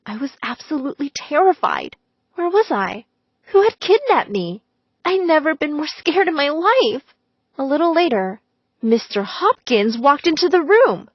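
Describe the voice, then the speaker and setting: A woman with a fairly high voice narrates a first-person animated story, leaning into the drama. The recording is close and dry, with a slightly dull tone. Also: normal speed, no room sound. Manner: dramatic, expressive.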